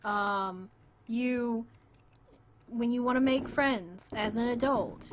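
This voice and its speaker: A woman's voice: a little high, slow, background noise. A woman streaming a farming game, chatting casually and playfully with her viewers in rambling, jokey asides. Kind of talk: casual gameplay live stream chat.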